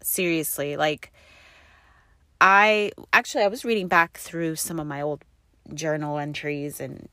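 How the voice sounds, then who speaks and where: A middle-aged woman with a low voice chats her way through a casual podcast episode. She rambles cheerfully from one story to the next, leaning on "like" as she goes. She records from inside a parked car, and the sound is close and dry. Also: measured pace, sharp tone, dry recording. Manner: rambling, upbeat storytelling with many "like" fillers. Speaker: podcast host. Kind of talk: casual chatty podcast monologue.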